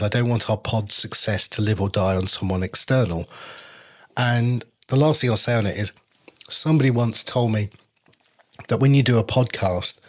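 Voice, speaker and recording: A man's voice: fairly low pitch, fairly bright tone. A man co-hosting a podcast, explaining things in casual chat and repeating words as he restarts. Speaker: podcast co-host.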